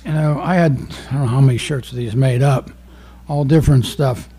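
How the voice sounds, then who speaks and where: A former undercover narcotics officer turned poet, giving a rambling, profane poetry reading full of stories. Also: male voice, mid-range voice, brisk, warm tone, breathy edge. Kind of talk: live poetry reading with storytelling.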